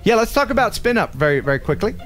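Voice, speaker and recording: Male live-stream host, a bit high-pitched, casual and playful. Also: sing-song, fast, fairly bright tone, soft background music.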